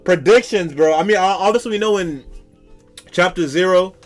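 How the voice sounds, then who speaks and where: A man streaming live, reacting to comics in slangy, excitable talk to his chat. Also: high voice, normal speed, soft background music.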